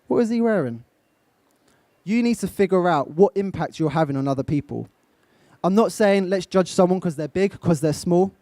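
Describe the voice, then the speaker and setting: This young motivational speaker from England talks fairly quickly in a high-pitched, warm voice during a live event on stage. He takes a direct, coaching approach and questions his listeners; no room sound is audible.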